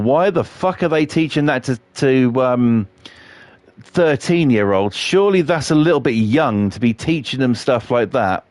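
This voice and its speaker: Middle-aged streamer, sweary rambling storyteller, mid-pitched, dry close sound. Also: male voice, darkish tone, dry recording. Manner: sweary, rambling and laughing at his own stories. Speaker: live streamer. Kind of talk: casual storytelling while playing a game live.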